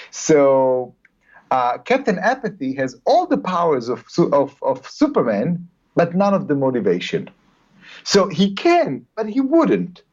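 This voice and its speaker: A guest author, a man with a voice on the high side, answers interview questions with animated storytelling, often repeating words as he builds his point. The audio is dull and lo-fi.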